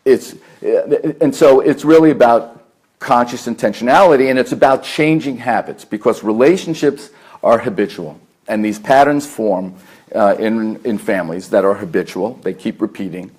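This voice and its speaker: A man with a New York accent, a therapist lecturing a meditation group, earnest and deliberate, stacking repeated phrases with fillers. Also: mid-range voice, a little mellow, husky. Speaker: therapist giving a talk. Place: meditation center hall.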